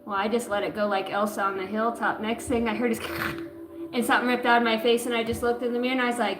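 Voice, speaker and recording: A woman's voice: fairly high pitch, fairly even intonation, fast talker, reverberant, over music. A middle-aged woman reading tarot on a livestream in casual chat, swearing, joking and laughing often.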